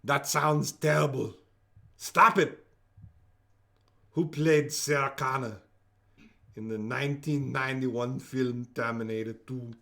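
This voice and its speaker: A man's voice: medium pitch, fairly even intonation, a little slow, gravelly, a bit bright. A man hosting a live-streamed trivia game from home, joking around as he reads each question twice. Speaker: trivia host.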